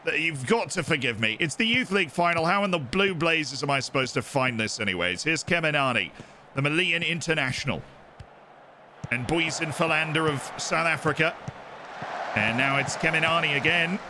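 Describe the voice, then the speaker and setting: A man putting on an English accent to play an excitable football commentator calling a youth final. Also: fairly high pitch, normal speed, slight background noise. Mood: excited commentary. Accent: put-on English. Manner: loud play-by-play calling, shouts at chances.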